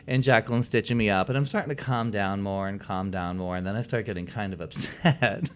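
A man's voice: lowish voice, a little fast, fairly bright tone. A man telling a personal story in casual chat, theatrical and laughing often as he goes. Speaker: guest storyteller.

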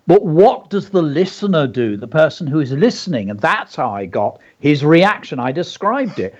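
A man's voice: fairly high pitch, sing-song, moderate pace, a little mellow. A man co-hosting a radio show, teaching children creative writing by walking through a story example step by step. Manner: walks through a story example step by step, reading lines aloud. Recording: dull lo-fi broadcast audio.

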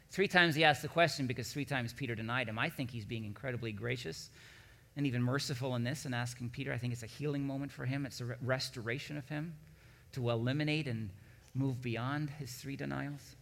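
A man's voice: mid-range voice, a little fast, creaky, fairly bright tone. Male pastor preaching in a reverberant hall. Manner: preaching with swelling emphatic peaks. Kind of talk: sermon.

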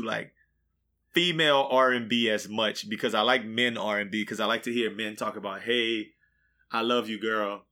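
A man's voice: medium pitch, bright, forceful tone. A young man co-hosting a podcast, telling stories in loose, slangy casual chat. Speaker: podcast co-host.

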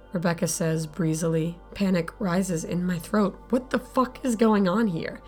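A woman's voice: lowish voice, measured pace, hardly any pauses, a little mellow, soft background music. A woman narrating an audio drama in the first person, sardonic and blunt, swearing freely. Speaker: narrator and lead character.

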